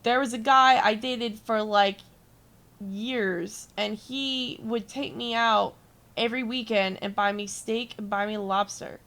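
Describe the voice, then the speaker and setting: Gravelly-voiced young woman streamer. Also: fairly high pitch, fairly even intonation, a little slow, a bit bright. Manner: rambling storytelling, swears freely, chats with viewers. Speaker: gaming streamer. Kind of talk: casual chat while gaming.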